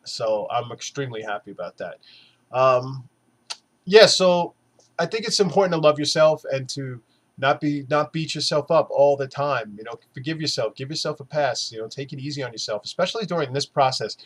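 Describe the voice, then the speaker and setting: A man's voice: mid-range voice, normal speed. A man recording a casual motivational vlog, blunt and earnest, swearing often as he urges viewers to go easy on themselves. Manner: blunt, heavy swearing, earnest pep talk. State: three months after surgery. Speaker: weight-loss vlogger.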